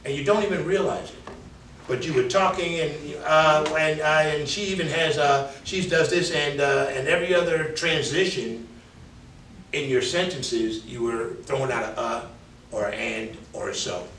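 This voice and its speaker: A man's voice: fairly high pitch, moderate pace, a bit bright, slight background noise. A man with a New York accent, a public speaking instructor giving candid, conversational feedback to a class and mimicking filler words as he corrects them. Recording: echoey room, mic from a distance.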